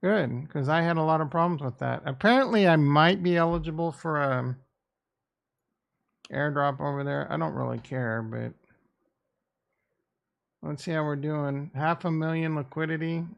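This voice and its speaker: A man's voice: on the high side, normal speed, vocal fry, pauses often, muffled recording. A man streaming casually, muttering blunt, sarcastic and profane remarks to himself into a desk microphone. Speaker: crypto streamer. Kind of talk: casual live-stream commentary.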